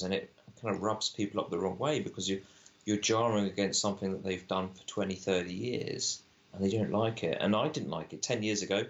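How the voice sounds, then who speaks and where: A man's voice: low-pitched, highs cut off. A man, a film director guest, arguing animatedly in casual conversation and often restarting his sentences.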